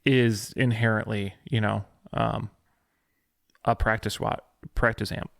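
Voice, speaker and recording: A man's voice: fairly low pitch, little pitch movement, unhurried, gravelly, dry recording, studio quality. A man co-hosting a podcast, chatting casually about gear news with lots of fillers and restarts. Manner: hesitant, many fillers and restarts. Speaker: podcast co-host.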